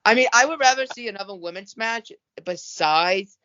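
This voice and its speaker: A man's voice: sits high, normal speed, bright, forceful tone. Guy ranting n swearing on a podcast, muffled lo-fi sound. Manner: ranting, swears a lot, restarts. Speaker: podcast panelist. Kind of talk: casual chat. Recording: dull lo-fi audio.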